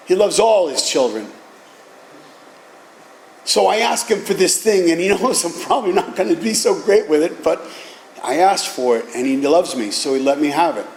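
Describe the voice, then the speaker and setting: A middle-aged man tells a personal story to a meeting crowd, lively and blunt, with a bit of cursing. His voice sits high for a man. It bounces around an echoey hall with a faint hum of ambience behind him. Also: vocal fry. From Boston area, USA. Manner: animated storytelling with casual profanity. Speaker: recovery meeting speaker.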